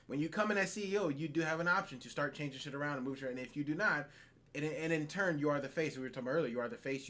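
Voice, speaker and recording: A man hosting a casual podcast, talking in an animated, profane way and laughing often. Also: on the high side. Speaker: podcast host.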